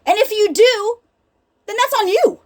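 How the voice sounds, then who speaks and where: A middle-aged woman with a strikingly high voice gives a heartfelt faith talk. She speaks earnestly and with emphasis, addressing her listeners directly as if they were in the room. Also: a little slow, darkish tone. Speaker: healing ministry speaker.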